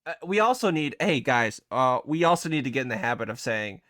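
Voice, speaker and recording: Bright, dry-sounding teasing man. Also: mid-range voice, very animated, fairly quick, no echo. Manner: teasing, blunt, laughs often. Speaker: podcast co-host. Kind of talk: casual chat.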